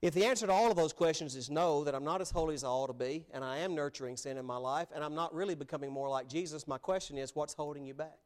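A man's voice: fairly high pitch, fast talker, few pauses. A man preaching a sermon in an earnest way, building to emphatic peaks as he urges his listeners. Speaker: pastor.

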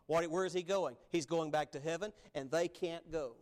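A man preaching a sermon as pastor, emphatic, swinging between loud stresses and hushed asides. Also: fairly high pitch, normal speed, hardly any pauses. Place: church sanctuary.

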